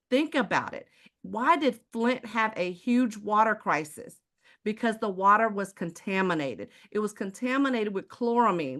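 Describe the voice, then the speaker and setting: A woman's voice: mid-range voice, a bit bright. A woman from Houston with a Texan accent, giving a live online sales presentation and asking the audience rhetorical questions. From Houston, Texas.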